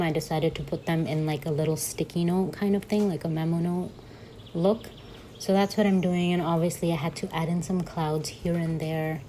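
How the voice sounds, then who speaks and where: A woman's voice: on the low side, darkish tone, a little hiss or hum, rough recording. A young woman chatting casually in a voice-over while she sets up her journal, giggling and joking at herself as she goes. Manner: chatty and giggly, self-mocking asides. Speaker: bullet journal vlogger.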